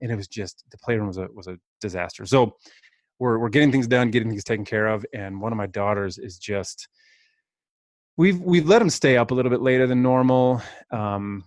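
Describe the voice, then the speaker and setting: A man's voice: lowish voice, lively intonation, brisk, dry recording. A man in his thirties casually telling a rambling, self-deprecating story as a podcast co-host.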